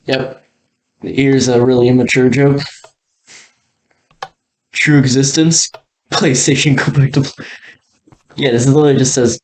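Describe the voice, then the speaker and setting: A man's voice: medium pitch, fairly even intonation, a little slow, long pauses, a little mellow, a little hiss or hum. A man giving a casual, rambling walkthrough, laughing often and trailing off mid-sentence. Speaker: video creator touring an old game world.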